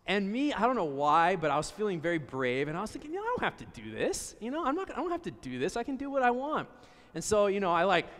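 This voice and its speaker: Conversational pastor in a reverberant hall. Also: male voice, fairly high pitch. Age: 30s. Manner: conversational, many fillers and repeats. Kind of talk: sermon with personal story. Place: church sanctuary.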